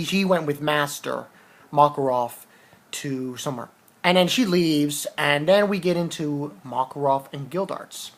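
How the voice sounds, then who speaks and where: A man recaps a manga chapter in a loose, unscripted way, his nose audibly stuffy. He wanders through the plot, trips over his words and starts sentences again and again. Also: on the high side. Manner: rambling, hesitant, with frequent restarts and fillers. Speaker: manga reviewer. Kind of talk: casual chapter review.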